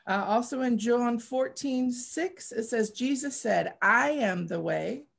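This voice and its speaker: A woman with a high, heavily gravelly voice preaches through a personal testimony. Her husky delivery is earnest and repetitive, and she presses her points with fervent pleading. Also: slow. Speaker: guest speaker.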